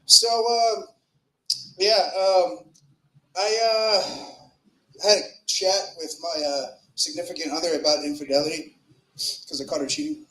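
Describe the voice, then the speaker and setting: A man's voice: high-pitched, fairly even intonation, a little slow, long pauses, fairly bright tone. A man doing a crude, rambling open mic stand-up set in a comedy club, speaking into a stage mic with filler words and swings in volume. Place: comedy club with live audience. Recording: roomy club echo.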